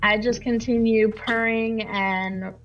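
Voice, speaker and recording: A woman's voice: on the high side, steady tone, takes it slowly, dull audio, a crowd in the background. A woman playing a fantasy tabletop game, talking in a playful, mischievous way. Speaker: player.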